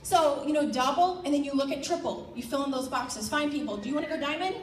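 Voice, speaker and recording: A woman in her thirties with a high voice gives a rousing motivational speech to a live audience, firing questions at the room. Her voice rings through a large echoey hall and is picked up from some distance, with faint room noise behind it. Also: quick pace. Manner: rallying, exhorting the crowd with direct questions. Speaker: team leader addressing her sales team.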